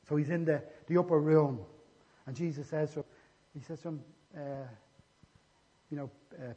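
A man's voice: medium pitch, fairly even intonation, fairly quick, dark tone. A man preaching a sermon, retelling scripture stories and acting out the dialogue. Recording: echoey hall, dull lo-fi sound.

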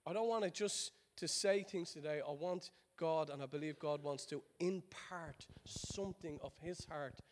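A man from Ireland with an Irish accent, preaching a sermon in a chatty, joking storytelling way that drops into quiet prayer. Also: a little high, moderate pace, few pauses, a little hiss or hum. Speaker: pastor.

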